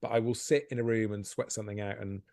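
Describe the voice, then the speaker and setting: A man, a stand-up comedian, talking candidly and self-deprecatingly in a podcast interview, animated and often laughing. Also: on the low side, quick pace.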